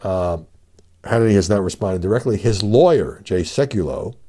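A man's voice: on the low side, lively intonation, normal speed, mellow. An older man hosting a solo podcast, giving conversational commentary with fillers and emphatic rhetorical questions. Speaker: podcast host and media commentator.

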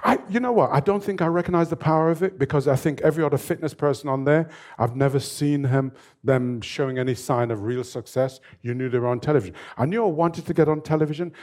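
A man in his seventies, a fitness trainer telling stories as an interview guest in a lively, animated way. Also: fairly high pitch, fast, hardly any pauses. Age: 70s. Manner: lively, animated storyteller who laughs often. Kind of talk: storytelling in an interview.

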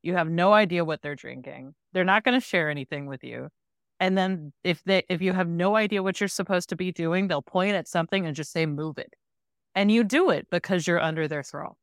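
Low-voiced woman, smooth and dry. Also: brisk, no room sound. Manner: storytelling, laughs easily. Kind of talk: casual chat.

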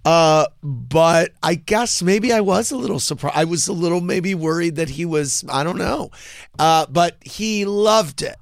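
Gravelly, chatty man hosting a podcast. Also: a little high, expressive, unhurried, dry recording, clean studio sound. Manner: chatty, gossipy, enthusiastic. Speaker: podcast host. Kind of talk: casual chat.

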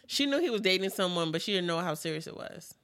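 Lively, bright-voiced woman recapping a show. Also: on the low side, fast talker, dry recording. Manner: animated, laughs often. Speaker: co-host. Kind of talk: casual show recap chat.

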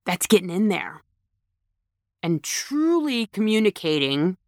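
An adult woman with children speaks frankly about emotions in a casual motivational monologue, blunt and emphatic, often repeating herself and restarting phrases. Her voice is medium in pitch, with clean studio sound and no echo.

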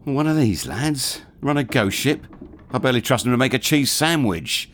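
An actor playing a glum, blunt pirate captain who would rather be the ship's cook. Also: male voice, medium pitch, expressive, normal speed, fairly bright tone, slight background noise, close to an everyday voice. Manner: grumbling, blunt.

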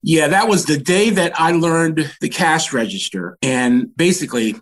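This is a man in his sixties, a guest on a leadership podcast recounting his childhood with sincere warmth of memory. His voice sits a little higher than most men's. He tells stories plainly and earnestly, picking up energy at the key moments. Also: measured pace. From Washington, DC. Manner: earnest, animated when recounting anecdotes. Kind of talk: reflective storytelling.

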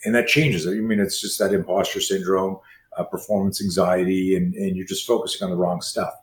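Animated middle-aged man telling a story. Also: deep voice, brisk, a little hiss or hum. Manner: animated, acts out voices and screams in his stories. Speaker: martial arts instructor, guest. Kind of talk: storytelling in conversation. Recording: roomy echo with faint ambience.

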